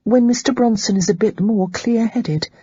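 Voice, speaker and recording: An anxious, well-bred young lady stammers her polite requests, as an audiobook narrator puts her on. The voice sits higher than the narration and stays very husky. It is close and dry on a dull, lo-fi recording. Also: normal speed, mellow, no echo. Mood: tactful. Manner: flustered, stammering. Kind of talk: audiobook character reading.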